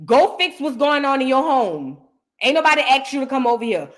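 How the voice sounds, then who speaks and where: A woman's voice: high voice, big pitch swings, fairly quick. An American woman hosting a reaction show, giving heated commentary on viewer comments and repeating her lines for emphasis. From United States.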